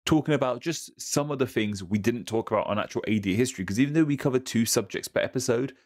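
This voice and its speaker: A man co-hosting a history podcast, talking in a relaxed, chatty way with fillers and restarts. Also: medium pitch, quick pace. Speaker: podcast co-host. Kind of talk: casual history podcast chat.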